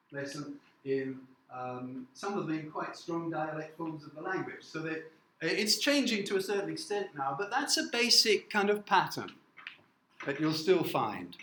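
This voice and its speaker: A man from the north of England giving a classroom lecture, halting with many fillers and often asking "okay?". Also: on the high side, bright, forceful tone, roomy sound, slight background noise, rough recording. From Newcastle, north of England. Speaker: university lecturer.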